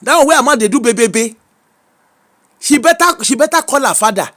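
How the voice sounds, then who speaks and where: A man with a high-pitched voice and a Yoruba-inflected Nigerian accent speaks in casual, animated commentary. He is preachy and emphatic as he hands out advice, slipping between Pidgin and Yoruba. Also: brisk. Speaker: social media commentator.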